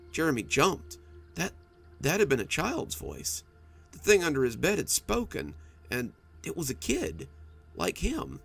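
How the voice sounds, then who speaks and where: Gravelly man reading a spooky story. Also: on the high side, measured pace, faint music behind. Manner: dramatic, expressive storytelling. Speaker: storytime narrator. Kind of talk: scripted horror story reading.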